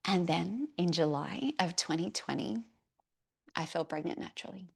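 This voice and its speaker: A woman, a fertility yoga teacher telling her own story in a live class, earnest and at times emotional and soft. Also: lowish voice, moderate pace, gravelly, husky.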